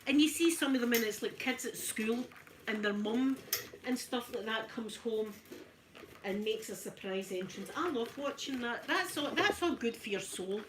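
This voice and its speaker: A Scottish woman chatting casually to her live viewers while ironing, in a soft, emotional, friendly way. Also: on the high side, expressive, normal speed, background noise. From Scotland. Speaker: ASMR streamer.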